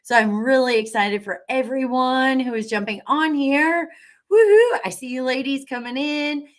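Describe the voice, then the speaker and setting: A woman's voice: sits high, moderate pace, fairly bright tone. A middle-aged woman hosting a live stream into her webcam, bubbly and enthusiastic, greeting viewers and cheering with whoops. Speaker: livestream host.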